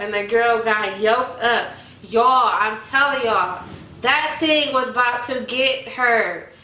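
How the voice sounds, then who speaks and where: A woman's voice: on the high side, echoey room, distant mic, poor audio. A woman, chatting animatedly to her viewers in a casual commentary. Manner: animated, addresses viewers as y'all. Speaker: vlogger.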